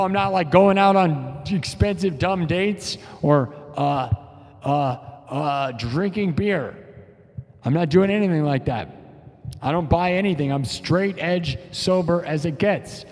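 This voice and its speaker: A young man with a fairly high, slightly mellow voice speaks slowly on a live stream, grieving as he rambles. He's a streamer and improv musician whose casual, emotional talk circles back on itself, repeating phrases and leaning on "dude" and "bro."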